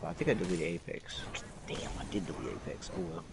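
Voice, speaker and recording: A young man talks in a loose, rambling way over voice chat while he games, swearing freely. His voice sits low, and a clear hiss of noise runs under the line. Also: expressive, quick pace. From Latino. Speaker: gaming stream co-host.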